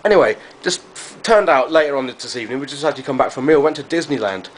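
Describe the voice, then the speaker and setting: A man's voice: medium pitch, lively intonation, fast, slight background noise. Effusive rambling man vlogging. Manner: rambling, effusive, repeats himself. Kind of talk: casual chat to camera.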